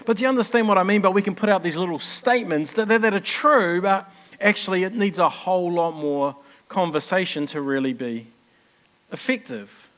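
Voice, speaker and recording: Man, pastor, high-pitched, conversational sermon, asks listeners questions. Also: a little fast, a bit bright. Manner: chatty, asks the congregation questions.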